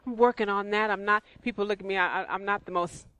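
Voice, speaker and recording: Bright-voiced woman preaching conversationally. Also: medium pitch, steady tone, fast. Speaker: church speaker. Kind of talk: sermon.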